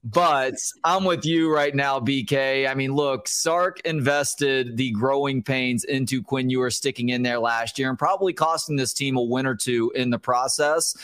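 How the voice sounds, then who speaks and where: Chatty higher-voiced sports host, dry sound. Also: male voice, no room sound. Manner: chatty, storytelling. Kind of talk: casual sports talk.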